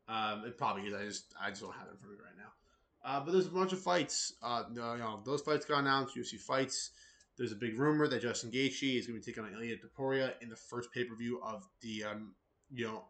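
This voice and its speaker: A man's voice: medium pitch, bright, forceful tone. A man hosts an easygoing sports news roundup. His delivery is loose and rambling, and his sentences wander through fillers and restarts. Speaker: host of a combat sports news show.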